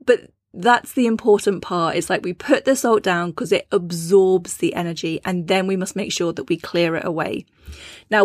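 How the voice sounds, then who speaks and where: A woman hosting a spiritual talk in a chatty, anecdotal manner. She laughs often as she explains things. Her voice sits at a middling pitch and sounds dry and close, with no room sound. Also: dry recording. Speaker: podcast host. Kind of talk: casual spiritual teaching talk.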